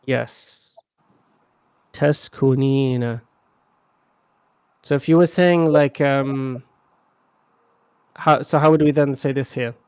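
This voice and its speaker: A man's voice: medium pitch, steady tone, slow, long pauses, a little mellow, smooth, dry recording. A man teaching a casual live language class, chatty and often checking that students follow. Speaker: Arabic teacher.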